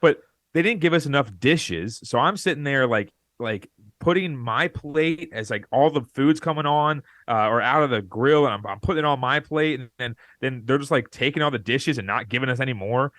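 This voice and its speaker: A man co-hosting a casual podcast, telling a story in a rambling, animated way at a mid pitch. The recording is dry and close, with no room sound. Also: moderate pace, no echo. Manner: rambling, animated, acts out quoted lines. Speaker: podcast co-host.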